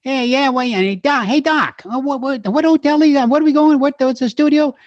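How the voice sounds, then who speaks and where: Brief: man putting on a high, loud Brooklyn cab driver, brash and fast, dull lo-fi sound. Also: dry recording. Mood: pushy. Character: brash, chatty male New York cab driver.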